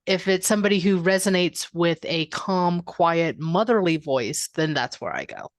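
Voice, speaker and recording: A woman co-hosting a podcast, calm and reflective, explaining her thoughts in casual chat. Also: lowish voice, moderate pace, dry recording, studio quality. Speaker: podcast co-host.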